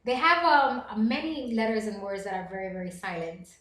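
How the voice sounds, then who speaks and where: A woman streaming live, chatting casually with viewers and reading their comments aloud, animated and quick to laugh. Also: mid-range voice. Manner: animated, laughs often, reads chat aloud. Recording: roomy echo.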